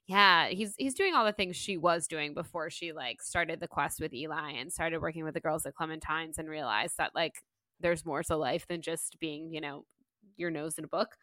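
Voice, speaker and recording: A woman's voice: low voice, pushed and bright, dry recording, studio quality. A woman co-hosting a book club podcast, chatting casually as she retells a chapter, peppered with "like". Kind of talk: casual chat.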